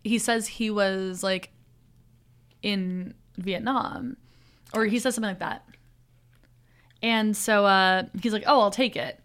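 A woman's voice: mid-range voice, steady tone, slow, pauses often, fairly bright tone, clean tone. A young woman in casual conversation, animatedly retelling a film plot with lots of "like" fillers. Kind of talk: casual film recap chat.

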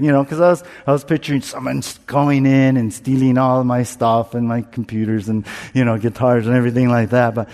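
A man's voice: medium pitch, fairly even intonation, brisk, few pauses, a little mellow. A man preaching a sermon, telling a candid personal story with self-mocking humour and acting out his own panic. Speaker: pastor. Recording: long reverb, as in a large hall.

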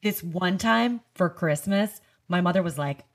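A woman's voice: fairly low pitch, a little slow. A young woman co-hosting a podcast, chatting casually with dry, joking storytelling. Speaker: podcast co-host. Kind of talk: casual chat.

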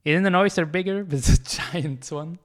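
A man's voice: on the high side, moderate pace. A man, a podcast co-host chatting casually, hesitant with many fillers and restarts. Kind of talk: casual chat.

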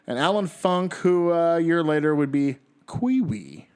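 Dude rambling through a wrestling recap, kinda high voice, laughs a lot. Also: male voice, unhurried, smooth. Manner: animated storyteller, laughs often, acts out quotes. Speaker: podcast co-host recapping wrestling shows. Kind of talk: casual chat.

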